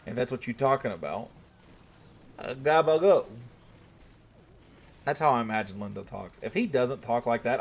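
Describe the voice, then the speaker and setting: A young man with a Southern US accent talks casually to his stream chat while he plays. His voice has a gravelly edge at a middle pitch, and he jokes around in a relaxed, unhurried way. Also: slight background noise. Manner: laid-back, joking, talks to chat. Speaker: gaming streamer.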